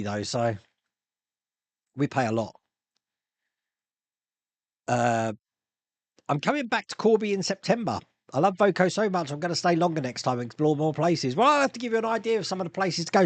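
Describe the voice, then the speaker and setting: A man's voice: fairly high pitch, no echo. Chatty man, dry sound. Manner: chatty, rambling, laughs often, many restarts. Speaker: live stream host. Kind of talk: casual chat reading viewer comments.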